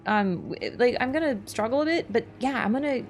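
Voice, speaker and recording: A woman's voice: on the high side, expressive, a little fast, faint music behind. A young woman streaming a video game, chatty and casual, swearing and laughing as she talks. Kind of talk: gaming stream commentary.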